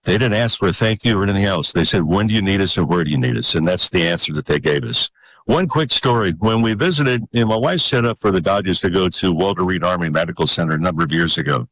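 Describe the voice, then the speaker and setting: An older man telling a personal story in an interview, earnest and halting, repeating words as he gathers his thoughts. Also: low voice, animated, fairly bright tone, a little hiss or hum, rough recording.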